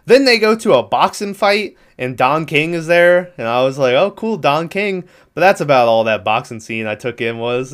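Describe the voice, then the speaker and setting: A man with a clean, fairly bright mid-range voice recaps a movie plot casually. His retelling rambles, is full of profanity, and breaks into laughter now and then.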